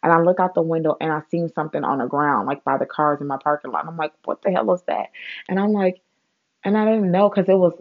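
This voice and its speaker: A woman speaking in a casual spiritual vlog, rambling with many fillers and restarts, and getting animated as she retells a story. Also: deep voice, quick pace, no echo, phone-quality sound.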